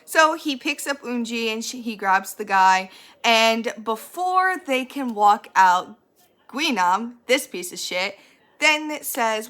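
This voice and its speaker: A woman giving a casual spoiler recap of a show, blunt, opinionated and quick to swear. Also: on the high side. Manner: blunt and ranty, swears freely; animated and opinionated. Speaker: YouTuber recapping a TV episode.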